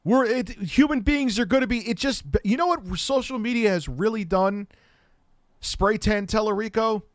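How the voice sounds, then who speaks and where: Profane ranting man, high voice, dry. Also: normal speed, no echo. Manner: profane, sarcastic, swings between mutters and shouts. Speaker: tech commentary host. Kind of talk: ranting commentary on clips.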